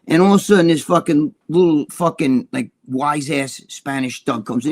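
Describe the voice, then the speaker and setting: Profane, blunt co-host, a man, slightly high voice, dry close sound. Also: normal speed, few pauses, no echo. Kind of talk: casual talk show chat.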